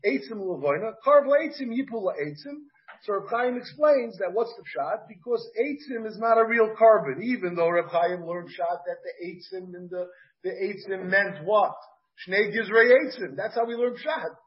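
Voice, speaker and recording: This Talmud teacher has a high, expressive voice and keeps a moderate pace as he reasons out loud and quizzes his class. His American English carries Yiddish-Hebrew pronunciation, and the recording sounds dull and muffled.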